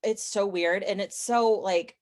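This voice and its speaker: A young adult woman chatting as a podcast guest, opinionated and talkative, with quick asides and self-corrections. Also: medium pitch, darkish tone. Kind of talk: casual interview chat.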